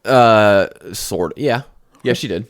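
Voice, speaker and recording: A man co-hosting a podcast speaks slowly in a fairly low voice. The conversation is casual, and he rambles, swearing and restarting his sentences a lot.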